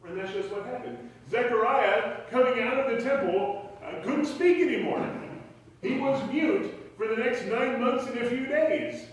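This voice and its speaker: Chatty pastor in echoey hall. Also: male voice, very high-pitched, normal speed. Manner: rambling, chatty, many fillers and restarts. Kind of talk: conversational sermon. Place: church sanctuary. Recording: very echoey hall, voice far from mic.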